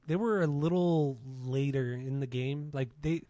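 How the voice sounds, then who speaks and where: A Southern California man in his forties hosts a casual podcast, chatting in a laid-back manner. His voice is on the high side, warm and unhurried, with no echo.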